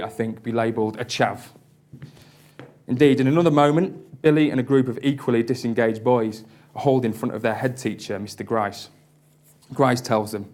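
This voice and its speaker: Male lecturer, mid-pitched, measured and articulate, public talk. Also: a little mellow. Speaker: university lecturer. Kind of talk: public lecture with read-aloud passages.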